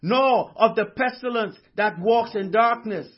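A man's voice: high-pitched, measured pace, dull audio. A male pastor preaching a sermon, fervent and repetitive, stressing each line with conviction. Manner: fervent, repeats lines with conviction.

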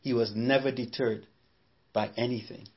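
A man's voice: mid-range voice, steady tone, normal speed, highs cut off. A man preaching a sermon, emphatic, repeating his phrases and firing off rhetorical questions.

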